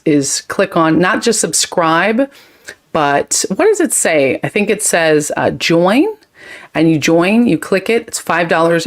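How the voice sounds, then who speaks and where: Woman, young adult, livestream host on a phone. Lowish voice, chatty, gushing shout-outs. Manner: bubbly, gushing shout-outs with sudden high squeals. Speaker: livestream host reading viewer comments. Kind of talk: casual live chat.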